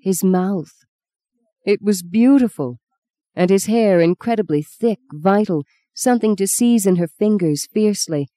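Her mid-range voice carries a scripted audiobook narration of a novel. She tells the story in a measured, even way, and the recording is dry.

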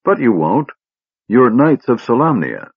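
A man voicing a cold, cruel male army officer with a harsh, blaring voice and sharp sarcasm. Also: on the low side, big pitch swings, normal speed, breathy edge, phone-quality sound. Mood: sarcastic.

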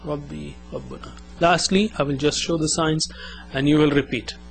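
Male language teacher, patient repeat-after-me drills, slightly raised pitch, low hum in the recording. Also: faint music behind. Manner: slow, drilling call-and-repeat. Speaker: Arabic teacher. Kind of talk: classroom language lesson.

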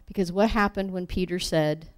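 A woman teaching a Bible lesson, reading verses aloud and acting out the quoted lines with animated emphasis. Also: on the low side, moderate pace. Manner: animated, acts out scripture quotes.

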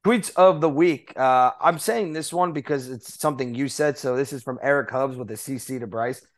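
A man's voice: mid-range voice, moderate pace. A man co-hosting a baseball podcast, running through news items in a casual, conversational way with frequent fillers. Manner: conversational, reads notes with fillers. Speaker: podcast co-host. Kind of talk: casual sports chat.

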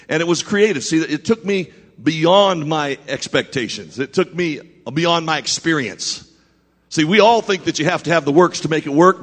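A man preaching a sermon, telling a story to his congregation in an animated way with frequent restarts. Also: fairly high pitch. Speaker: pastor. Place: church. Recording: long hall reverb.

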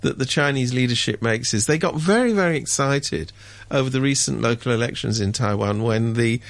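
A man chatting on a radio show, wry and sardonic, mimicking people in sudden high voices. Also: brisk, vocal fry, dry recording. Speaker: radio commentator. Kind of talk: casual radio chat.

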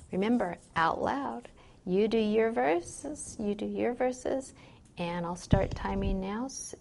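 A woman's voice: mid-range voice, creaky, a little mellow. A woman leading a group workshop on memorizing Bible verses, chatty and encouraging, full of "like" and "you know". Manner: reads scripture aloud slowly. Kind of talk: classroom instruction to a group.

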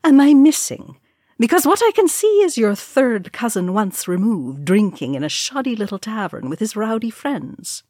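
Stern old dwarf matriarch, played by a woman narrator, high and imperious, audiobook. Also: sing-song, normal speed, warm tone, no room sound, studio quality. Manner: haughty, grand pronouncements. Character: grandmotherly female dwarf, dignified and stern.

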